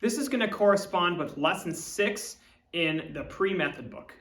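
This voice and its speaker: A man's voice: sits high, lively intonation, normal speed, a bit bright, far from the mic. A man, a music teacher, explaining step by step in an instructional video lesson. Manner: clear step-by-step demonstrating. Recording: roomy echo, from off-mic.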